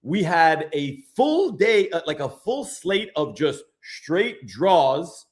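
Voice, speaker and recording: A man with a fairly high speaking voice hosts a podcast in loose, casual chat. He's excitable and slangy, and calls his guests "bro.". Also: takes it slowly. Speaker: podcast host.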